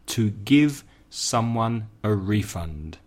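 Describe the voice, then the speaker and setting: A man's voice: on the low side, expressive, slow, darkish tone. A man teaching an English lesson, repeating phrases carefully for learners and adding short Spanish glosses. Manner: adds brief Spanish glosses. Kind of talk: language lesson.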